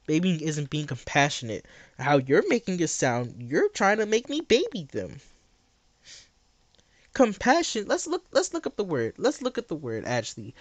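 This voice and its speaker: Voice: mid-range voice, no room sound. A livestreamer ranting to chat in a blunt, sarcastic, exasperated way, repeating phrases for emphasis.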